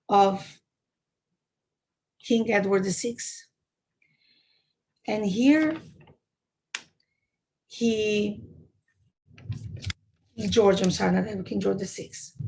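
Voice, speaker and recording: A woman, a rebbetzin, telling a story to a women's class in an emphatic, animated way. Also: a little high, vocal fry, rough recording. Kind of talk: storytelling talk.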